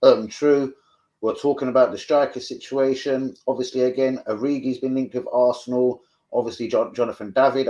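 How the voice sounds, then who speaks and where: A man's voice: on the low side, a little mellow. A man hosting a fan live stream, chatting casually, swearing freely and answering viewers off the cuff. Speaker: fan channel host.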